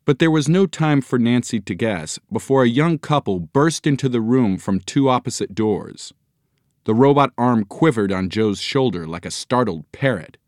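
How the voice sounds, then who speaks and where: A man narrating a children's story in a measured, expressive audiobook reading. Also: medium pitch, no echo, studio quality.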